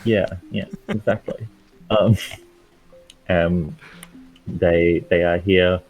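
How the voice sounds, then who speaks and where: Male player, very deep and slow, halting delivery, tinny phone-like audio. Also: fairly even intonation, darkish tone, soft background music. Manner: hesitant, halting, many restarts. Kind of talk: casual tabletop game chat.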